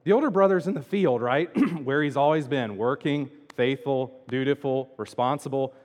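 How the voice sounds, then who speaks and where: A man preaching a sermon as pastor, swinging between loud emphatic lines and quiet asides. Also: medium pitch, normal speed. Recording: long hall reverb.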